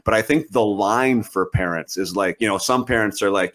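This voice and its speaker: A middle-aged man with a very low voice hosts a casual interview. He thinks aloud and rambles, restarting his sentences and tagging them with questions. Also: normal speed, a bit bright, slight background noise. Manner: thoughtful, rambling with many restarts and "right?" tags. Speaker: podcast host.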